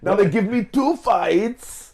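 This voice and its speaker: A man's voice: sits high, expressive, takes it slowly, a little mellow, slight background noise, pitched above the performer's own voice, exaggerated voice. A man doing a silly accented fighter bragging. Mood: boastful. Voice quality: mock accent like a cartoon villain. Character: comic foreign-accented male fighter, boastful.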